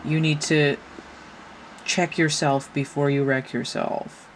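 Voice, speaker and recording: A woman's voice: low-pitched, steady tone, takes it slowly, a little hiss or hum. A woman giving a casual tarot reading, frank and a little profane, asking her listeners question after question. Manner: frank and swearing, full of rhetorical questions. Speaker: tarot reader.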